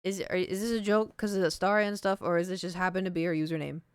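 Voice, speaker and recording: A young female streamer talks fast and smoothly in a lowish, level voice during casual live-stream chat. She rambles, mocks herself, laughs often and uses many fillers, heard through a large studio microphone with a dead-dry, echo-free sound.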